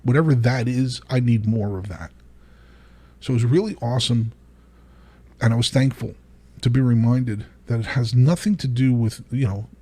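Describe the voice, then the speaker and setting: Husky-voiced man ranting on his podcast. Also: mid-range voice. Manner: animated, exasperated, restarts often, laughs between points. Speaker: podcast host. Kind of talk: solo commentary monologue.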